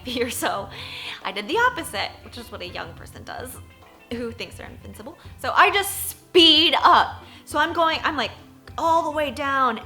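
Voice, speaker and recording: A woman in her thirties tells a vlog story in a high, bright voice. She is animated, fills her sentences with "like", and acts out her own reactions. Faint music plays behind her. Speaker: poker journalist and vlogger.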